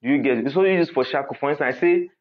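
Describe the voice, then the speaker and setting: A man's voice: a little high, fast. A man teaching Arabic grammar in a class lecture, often checking understanding with "do you get?" and quizzing the class with "what?". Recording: tinny phone-like audio.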